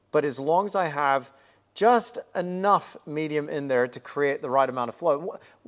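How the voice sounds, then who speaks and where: A man hosting a live painting stream, chatting in an upbeat way and thinking aloud as he works at the easel. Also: a little high. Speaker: painting livestream host. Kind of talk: live painting demonstration chat.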